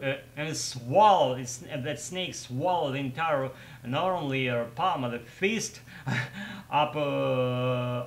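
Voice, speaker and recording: Bright-voiced man rambling, full of fillers. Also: medium pitch, poor audio. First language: Russian. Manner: rambling, halting with many fillers and restarts, laughs often. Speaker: vlogger. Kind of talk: casual storytelling to camera.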